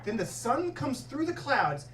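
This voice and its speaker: A male stand-up comedian telling a story in an animated way, acting out characters and swearing often, on stage in a comedy club. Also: very high-pitched, measured pace, slight background noise. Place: comedy club with live audience. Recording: roomy club recording from far off with crowd laughter.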